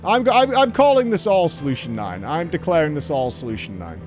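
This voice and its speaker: Northern English male streamer, swears a lot, rambly banter, bouncy and fairly high voice. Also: very animated, fairly quick, a little mellow, faint music behind. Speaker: streamer reacting to a game. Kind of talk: casual live-stream commentary.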